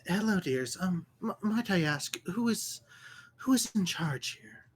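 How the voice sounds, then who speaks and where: A tabletop player voicing a smooth-talking cleric who calls everyone dear, soft-spoken and halting. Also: medium pitch, lively intonation, slight background noise, pitched above the performer's own voice, lightly acted. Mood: ingratiating.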